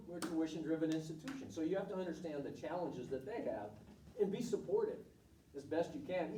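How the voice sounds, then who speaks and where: Middle-aged man, blunt and candid, mellow voice, lecture room with echo, heard from a distance. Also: on the high side, slight background noise. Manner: candid, blunt, storytelling with acted quotes. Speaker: volleyball coach giving a talk. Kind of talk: informal presentation to students. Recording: echoey room, voice from far off.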